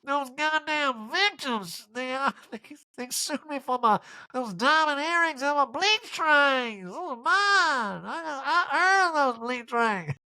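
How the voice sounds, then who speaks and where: A woman doing a comic impression of a self-pitying reality-star diva with a slow, teary, whiny drawl. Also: high voice, expressive, sharp tone, no room sound, pitched above the performer's own voice, heavily acted, rough recording.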